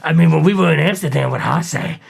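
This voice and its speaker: Male co-host, heavy vocal fry and rasp, blunt casual talker. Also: on the high side, fairly quick. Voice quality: gravelly, raspy. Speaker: podcast co-host, DJ producer. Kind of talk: casual chat.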